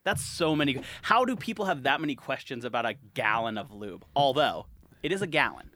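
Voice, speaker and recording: Animated, jokey male podcast co-host. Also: medium pitch, brisk. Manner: animated, jokey, laughs often, tries silly accents. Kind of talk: casual banter.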